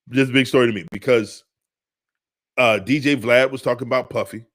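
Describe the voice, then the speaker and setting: A man co-hosting a casual podcast, talking in an animated way, repeating himself and laughing often. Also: mid-range voice, fairly quick. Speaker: podcast co-host. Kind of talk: casual chat.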